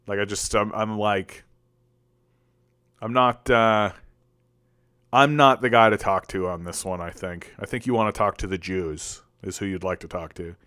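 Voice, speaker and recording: A man from Canada hosts a casual political commentary livestream and talks straight to his chat. His voice is smooth and clear, recorded dry and close to the mic. He rambles, restarts his sentences often and leans on filler words. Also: fairly low pitch, fairly even intonation, unhurried, pushed and bright, no room sound.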